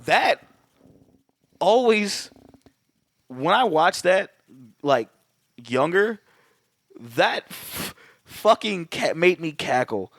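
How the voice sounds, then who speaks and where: Man, podcast co-host, casual profane chat, lively voice, dry sound. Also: high voice, extremely slow, long pauses, no echo. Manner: profane, animated retelling with quoted voices.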